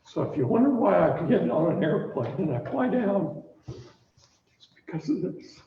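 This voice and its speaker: A man's voice: sits high, very animated, moderate pace, slight background noise. A man speaking to a live class, telling a personal story and acting out the dialogue, often laughing along. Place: large echoey room with audience. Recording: echoey room from far off, dull lo-fi.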